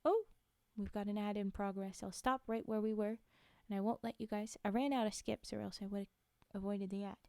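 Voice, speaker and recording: A woman's voice: mid-range voice, fairly even intonation, fairly quick, darkish tone, no room sound, clean studio sound. A woman streamer reading a story aloud on a livestream, with chatty, giggly asides to her viewers.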